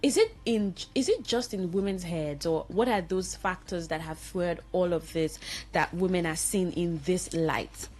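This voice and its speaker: A woman hosting a radio talk show in a studio, speaking with a Nigerian English accent. She talks in an animated way, laughs often and jumps high when she acts out what other people say. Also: normal speed, hardly any pauses.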